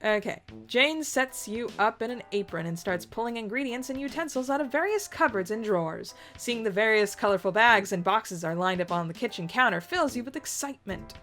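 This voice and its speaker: A woman's voice: fairly high pitch, fairly bright tone. Chatty young woman reading a game. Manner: chatty, giggly asides. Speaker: let's play host. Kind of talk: reading and commenting on a visual novel game.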